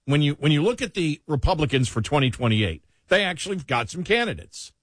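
A radio talk host with a Buffalo accent chats his way through the news in a loose, conversational manner. His voice is a bit high and sits dry and close to the mic. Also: very animated, brisk, breathy edge, no room sound. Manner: chatty, conversational, frequent "you know". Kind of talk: casual political talk radio.

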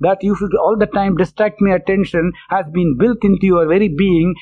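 A man's voice: sits high, steady tone, fast. A man giving a religious discourse on scripture, earnest and emphatic, often repeating his phrases. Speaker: spiritual lecturer. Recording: tinny phone-like audio.

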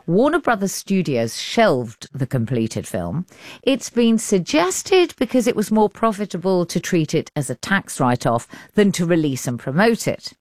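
A woman with an English accent presenting a radio arts programme, with a lively, expressive delivery. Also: on the low side, unhurried, no echo, clean studio sound. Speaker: radio arts show host. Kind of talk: broadcast presenting.

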